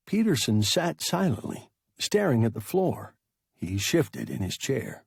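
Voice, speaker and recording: A man reading a science fiction story aloud as narrator, slow and deliberate. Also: mid-range voice, big pitch swings, vocal fry, darkish tone, slightly rough, dry recording, studio quality. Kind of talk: audiobook narration.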